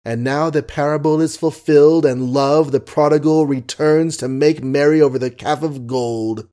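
A man reading an audiobook, voicing a cynical gentleman poseur who speaks in an ironic, lofty, theatrical manner. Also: fairly high pitch, fairly even intonation, normal speed, voice pushed up, lightly acted. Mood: mocking.

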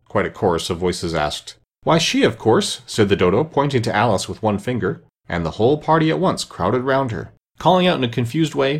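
A man's voice: mid-range voice, sing-song, fairly quick, vocal fry, hardly any pauses. A man reading a classic children's story aloud, narrating expressively. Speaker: reader.

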